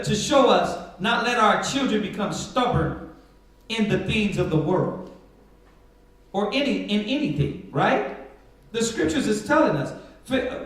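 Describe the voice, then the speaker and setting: A man's voice: extremely high pitch, a bit bright. A man teaching a live Sabbath Bible class, preaching emphatically and asking rhetorical questions. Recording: echoey room, far from mic.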